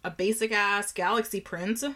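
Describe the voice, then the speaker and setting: A young woman co-hosts a casual podcast in an ordinary, mid-pitched voice. She is blunt and sarcastic and swears freely. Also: steady tone, moderate pace, bright, forceful tone. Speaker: podcast co-host. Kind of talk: casual chat, beer tasting.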